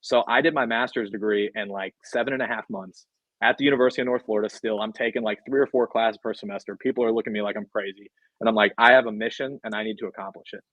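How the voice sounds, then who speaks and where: A man's voice: fairly low pitch, fairly even intonation, fast talker, no echo, muffled recording. A man, a podcast guest, telling his career story in casual, rambling talk full of fillers. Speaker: podcast guest, sports agent. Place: podcast studio.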